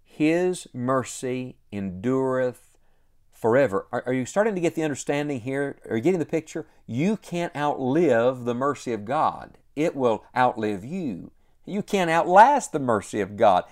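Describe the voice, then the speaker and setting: A man's voice: medium pitch, lively intonation, darkish tone. A man preaching a devotional sermon, earnest and emphatic, repeating key lines and stretching out their final words. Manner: earnest, emphatic repetition with slow drawn-out endings.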